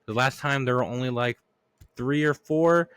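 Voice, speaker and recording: Alone on his podcast, a male host rambles casually, restarting often and using plenty of fillers as he recovers from a cough. His mid-range voice is clear, resonant and a bit bright, moving at normal speed with no room sound.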